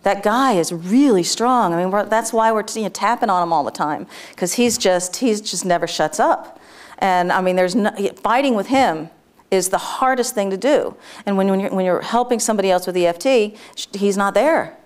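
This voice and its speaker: A woman's voice: medium pitch, normal speed. A woman presenting a live workshop to an audience, chatty and informal, with lots of fillers and restarts and frequent laughter. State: tearful.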